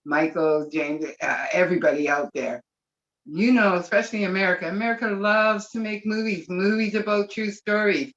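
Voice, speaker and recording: A person from Canada speaking on a webinar, gushing and excited, close to tears. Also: medium pitch, moderate pace. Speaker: webinar participant. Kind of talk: emotional casual speech. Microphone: video call. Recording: muffled video call audio.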